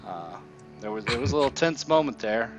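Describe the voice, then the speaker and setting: A man narrating as game master of a tabletop game, relaxed and pausing with fillers. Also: mid-range voice. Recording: dull lo-fi recording with faint music.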